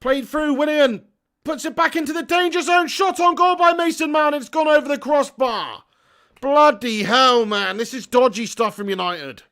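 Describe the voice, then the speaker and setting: Young man, football watch-along host, excitable, bright tone. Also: very high voice, normal speed. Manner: excitable, swearing, shouts at the referee. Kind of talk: live match commentary and chat.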